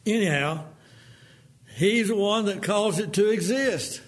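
A man preaching a sermon in a folksy manner, acting out quotes in a lower voice. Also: expressive, unhurried.

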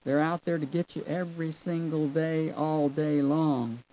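Slow, emphatic male preacher. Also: fairly high pitch, steady tone, poor audio. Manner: emphatic, drawn-out phrases with sudden swells in loudness; addresses the audience as folks and friends. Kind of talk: sermon.

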